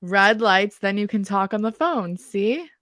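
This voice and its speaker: A young woman in her twenties co-hosting a podcast, firing off playful questions and teasing her co-host. Her voice is mid-pitched and sounds close and dry. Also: animated, unhurried, fairly bright tone, no echo. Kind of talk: casual chat.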